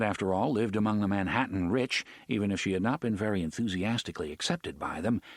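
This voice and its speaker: Male narrator of a dark fantasy audiobook, animated and close-miked in a dry booth. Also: fairly low pitch, husky, no room sound. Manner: expressive, voices each character.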